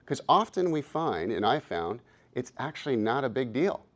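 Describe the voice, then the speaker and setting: A man in his fifties leads a workshop in a conference room. He speaks in an upbeat, playful and encouraging way. His voice sits at an average pitch. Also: big pitch swings, normal speed. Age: 50s. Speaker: workshop presenter and coach. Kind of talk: live workshop talk.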